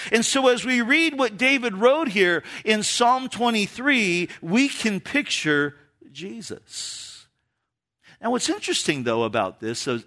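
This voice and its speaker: Lively, bright-voiced male pastor preaching. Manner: animated preaching, drops low for emphasis. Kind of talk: sermon.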